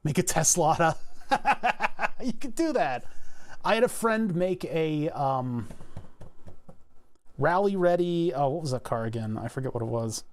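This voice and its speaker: Here the Philadelphia streamer talks with a slightly high, expressive voice at a measured pace, leaving long pauses. He jokes casually, rambles, and swears freely while working on circuit boards live.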